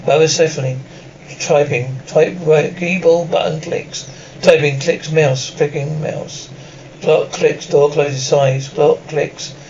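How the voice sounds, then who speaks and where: A man's voice: on the high side, fairly even intonation, slow, darkish tone, a little hiss or hum. Man reading sound cues, muffled and distant. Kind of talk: reading film captions and sound cues aloud.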